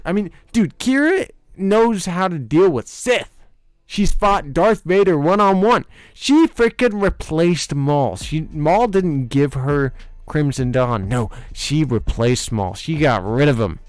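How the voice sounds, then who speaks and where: A man hosting a casual livestream, chatting excitedly with viewers, often laughing and teasing them. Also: on the high side, slow, no echo, soft background music. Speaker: host of a fan channel livestream. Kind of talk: casual livestream chat reacting to viewer comments.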